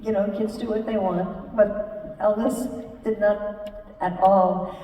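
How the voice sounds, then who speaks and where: An older woman telling her life story on stage, halting and warm, with many fillers and restarts. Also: medium pitch, fairly even intonation, a little hiss or hum. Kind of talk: live stage conversation with audience. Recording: echoey hall, speaker far from mic.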